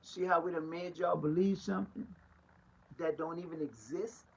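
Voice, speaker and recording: A man's voice: fairly high pitch, moderate pace, gravelly, slight background noise, poor audio. A man, a pastor preaching a street-style podcast monologue with emphatic, rhetorical repetition. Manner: emphatic and rhetorical, repeats lines and laughs between points.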